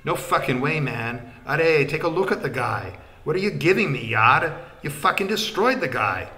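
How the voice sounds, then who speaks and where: A man voicing a brash, foul-mouthed male fixer who talks loudly and excitably. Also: medium pitch, moderate pace. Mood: agitated. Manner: swearing, loud and excitable.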